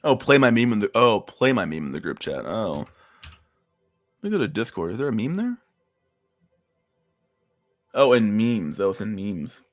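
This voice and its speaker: A man's voice: lowish voice, big pitch swings, moderate pace, pauses often, dry recording. A man hosting a casual livestream, reacting to memes with crude slang-heavy banter. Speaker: livestream host.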